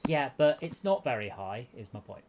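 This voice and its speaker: A man's voice: mid-range voice, big pitch swings, moderate pace, noisy background. A young man hosting a game stream, giving exasperated running commentary with stumbling restarts. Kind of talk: casual gameplay chat.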